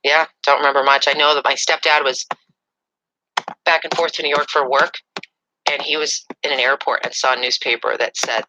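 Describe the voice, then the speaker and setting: A woman's voice: very deep voice, steady tone, moderate pace, background noise. A woman telling a personal story in a casual interview, with a dramatic, breathless way of talking. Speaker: interview guest.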